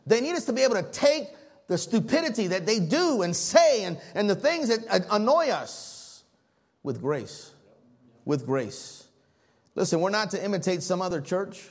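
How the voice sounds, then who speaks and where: A man preaching a sermon as pastor, telling a story in an animated way while the congregation answers back. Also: high voice.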